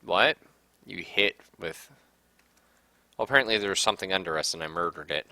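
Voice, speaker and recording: A man's voice: low-pitched, a little fast, sharp tone, no room sound. A man casually commenting on a game he is playing, reading its text aloud and reacting with sudden outbursts and swearing. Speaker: gaming streamer. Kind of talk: casual let's-play commentary.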